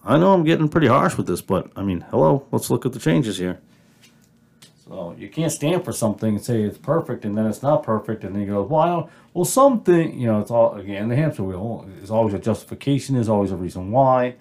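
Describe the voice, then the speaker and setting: A man with a North Dakota accent talks in a low but lively voice, pressing his points hard and drifting between asides. He records on an amateur home mic, so his level dips when he turns away. It sounds like a casual solo podcast. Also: fast talker, slightly rough. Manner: argumentative, emphatic, rambling. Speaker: podcast host. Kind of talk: casual solo commentary on Bible versions. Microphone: amateur home mic, moves off-mic when turning.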